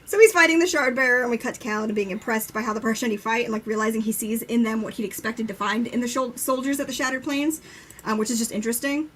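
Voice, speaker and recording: A young woman co-hosting a casual live-stream book chat, enthusiastic and quick to swear, acting out quotes with laughter. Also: fairly high pitch, fairly bright tone, a little hiss or hum. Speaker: book discussion co-host.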